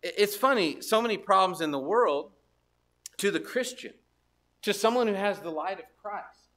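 Bright-voiced high-pitched male preacher. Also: expressive, moderate pace. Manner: conversational storytelling preacher, frequent restarts and asides. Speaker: pastor. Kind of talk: sermon.

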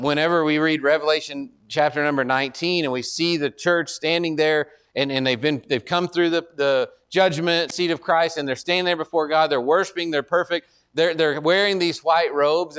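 A man's voice: fairly even intonation, moderate pace, a bit bright, smooth. A man preaching a sermon in an earnest way, often repeating words as he builds to a point. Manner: earnest, repeats words, rises in pitch and force when exhorting.

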